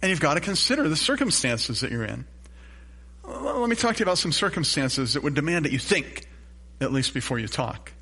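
A man's voice: on the high side, sing-song, fairly quick, bright, forceful tone, breathy edge. A middle-aged man preaching a sermon as pastor, telling a self-deprecating story and asking the congregation questions.

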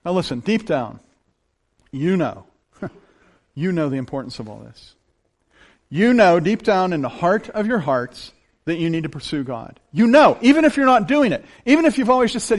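A man preaching a sermon in a folksy, animated way, swinging between loud emphasis and hushed intensity. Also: sits high, normal speed. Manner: folksy, uses plain down-home examples. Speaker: pastor.

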